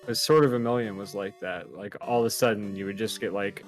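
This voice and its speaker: A man's voice: lowish voice, fairly even intonation, brisk, soft background music. A man co-hosting a podcast, telling rambling, laughing stories in casual chat. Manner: chatty, rambling, laughs at his own stories. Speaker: podcast co-host.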